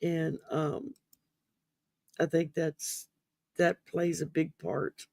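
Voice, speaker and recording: Raspy higher-pitched man, slow and rambling. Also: little pitch movement, darkish tone, no echo. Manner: rambling, hesitant, many ums and restarts. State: sleepy, yawning. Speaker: podcast host. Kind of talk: casual mental wellness discussion.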